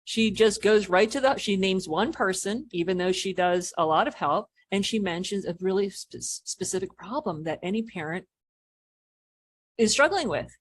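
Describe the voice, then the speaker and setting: A woman's voice: mid-range voice, normal speed. A woman business coach answering as a podcast guest, explaining animatedly and acting out what people say. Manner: animated explaining, acts out quoted remarks.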